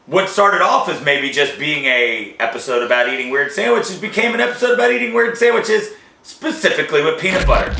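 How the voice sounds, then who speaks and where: Lively joking man in an echoey room. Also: on the high side, gravelly, a little hiss or hum. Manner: animated, joking, drawn-out reactions. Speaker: show host. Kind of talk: casual food-tasting chat.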